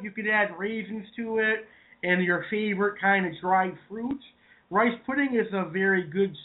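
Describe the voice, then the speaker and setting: A man from Massachusetts talks to his viewers in a chatty, casual way, calling them "folks." His voice sits high for a man. The sound is thin and narrow, like audio coming through a phone. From Massachusetts, New England. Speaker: cooking show host. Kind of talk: casual online show talk.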